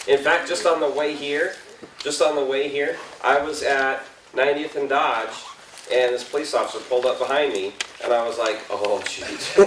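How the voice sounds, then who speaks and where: A man's voice: medium pitch, far from the mic, a little hiss or hum. Chuckling man telling a story in an echoey room. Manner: self-deprecating, chuckles often, asks the audience questions. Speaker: youth confirmation speaker. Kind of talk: storytelling talk to a youth group.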